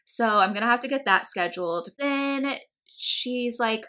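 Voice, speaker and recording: Young woman, bright clear voice, a bit high, casual chatty storytelling, quotes the people she talks about. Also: normal speed. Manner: chatty storytelling, acts out quoted dialogue, many "like"s. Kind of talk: casual chat.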